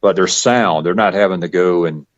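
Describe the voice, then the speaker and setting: A man with a Southern accent from the Atlanta area, chatting casually in a rambling, halting way with frequent laughs. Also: low-pitched. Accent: Southern US, Georgia. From Georgia, US South. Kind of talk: casual chat. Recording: dull lo-fi podcast audio.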